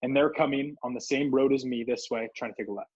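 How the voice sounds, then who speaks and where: A man's voice: medium pitch, fast, slightly rough, highs cut off. A man co-hosting a podcast, telling a story in casual chat and acting out the people in it. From Southern California. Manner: animated storyteller, acts out quoted voices. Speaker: podcast co-host.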